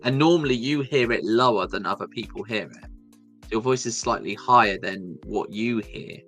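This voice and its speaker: A male stream host chats casually in a soft, calming voice, wandering from thought to thought and breaking into laughter. Faint music plays quietly underneath. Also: lowish voice, normal speed. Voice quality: soft, soothing voice. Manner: chatty, rambling, laughs often. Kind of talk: casual chat.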